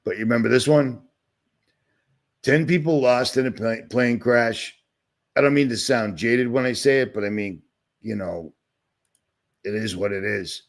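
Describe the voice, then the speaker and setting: A Boston man hosts a livestream and shares his screen while launching into a sarcastic, agitated, rambling rant. His voice sits at medium pitch, and he speaks unhurriedly with long pauses.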